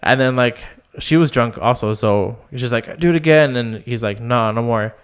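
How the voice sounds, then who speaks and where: A man's voice: mid-range voice, fairly even intonation, moderate pace, clean tone. A young man, casually telling rambling stories on a podcast, full of fillers and quoted voices. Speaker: podcast co-host. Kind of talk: casual storytelling chat.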